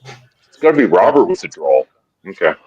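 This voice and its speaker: A man on a live hockey betting show, chatting casually and excitably, often repeating his words as he starts a thought. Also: low voice, moderate pace, slightly rough, dry recording, muffled recording. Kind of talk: casual live-stream chat.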